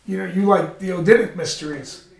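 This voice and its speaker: A middle-aged man with a high voice hosts a podcast in a studio, talking in a profane, rambling, animated way. His voice sounds roomy and set back from the mic. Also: brisk, creaky, far from the mic. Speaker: podcast host and fighter. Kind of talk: casual studio chat.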